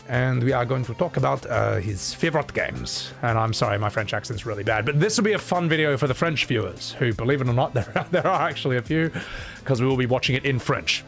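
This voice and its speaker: A man's voice: medium pitch, expressive, fairly quick, gravelly, a bit bright. Guy streaming, reads chat and rambles back, chuckles a lot, faint music behind. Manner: rambling, chuckling, lots of fillers. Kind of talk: casual livestream chat.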